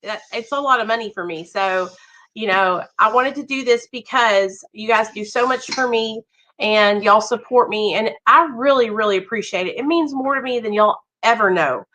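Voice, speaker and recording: A young woman chatting warmly with viewers on a livestream, greeting them by name. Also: fairly high pitch, normal speed, a little hiss or hum, poor audio. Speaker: livestream host. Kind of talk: casual livestream chat.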